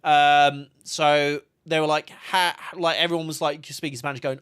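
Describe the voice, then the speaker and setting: Chatty bright-voiced streamer man. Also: on the high side, little pitch movement, normal speed, hardly any pauses, smooth, no room sound, clean studio sound. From England. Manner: chatty, laughs often, reads chat aloud. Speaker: game streamer. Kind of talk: casual livestream chat.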